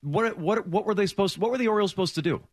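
A man filling in as a sports radio host, talking in an animated, sarcastic way. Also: high-pitched, very fast. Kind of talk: casual sports talk.

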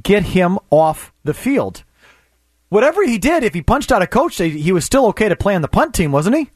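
A man's voice: sits high, very animated, moderate pace, slightly rough, no echo, studio quality. A man hosting a sports talk radio show, arguing his case with pointed rhetorical questions.

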